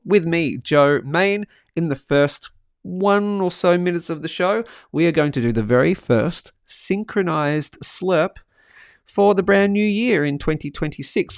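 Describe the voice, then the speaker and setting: A man hosting a live market stream in a casual, upbeat way, reading out viewers' chat messages with quick asides. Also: fairly high pitch, creaky, dry recording, studio quality.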